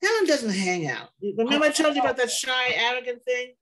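An older woman recalling her mother in conversation, pausing often to search for words. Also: high-pitched, animated, crowd noise, poor audio. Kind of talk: conversational recollection.

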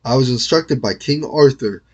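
A man reading aloud, voicing a calm, courteous knight. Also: medium pitch, normal speed, husky, lightly acted. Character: brave, courteous male knight.

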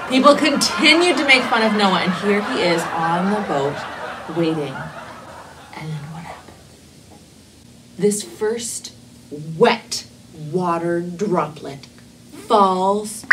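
A woman teaching Sunday school, telling a Bible story to children expressively, slowing for emphasis and dropping to whispers. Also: medium pitch, rough recording.

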